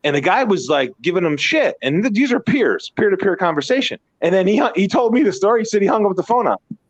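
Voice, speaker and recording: A man's voice: high-pitched, big pitch swings, quick pace, dry recording. A man chatting casually and animatedly, telling stories, swearing freely and repeating words as he goes. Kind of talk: casual chat. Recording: dull dry lo-fi sound.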